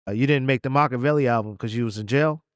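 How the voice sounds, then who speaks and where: A man's voice: medium pitch, quick pace, background noise. A male podcast host asking a guest conversational follow-up questions. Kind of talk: interview questions.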